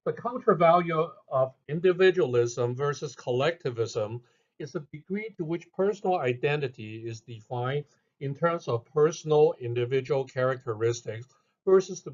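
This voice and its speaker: A man narrating a scripted lesson in a measured way, reading out each heading with emphasis. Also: medium pitch, muffled recording. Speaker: instructor.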